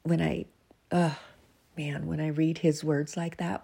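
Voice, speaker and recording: Low, husky, gravelly woman, slow and soft. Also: fairly even intonation. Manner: soft-spoken, drifts into whispers; earnest and emotional, laughs at herself. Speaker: devotional writer reading her own work. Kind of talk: reflective devotional reading.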